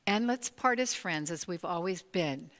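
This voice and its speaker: A woman doing a soft, soothing clever wife. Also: lowish voice, lively intonation, a little slow. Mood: gentle. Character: calm, clever young wife, gentle and soothing. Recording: long reverb of a large hall.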